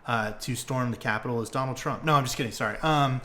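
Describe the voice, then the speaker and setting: A young man hosting a podcast, retelling stories in casual, excitable chat full of fillers and swearing. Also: mid-range voice, quick pace. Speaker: podcast host.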